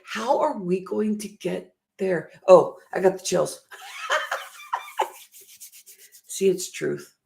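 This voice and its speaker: A woman's voice: fairly low pitch, creaky, darkish tone. A middle-aged woman giving an emotional, earnest motivational talk, often laughing at herself. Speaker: motivational speaker.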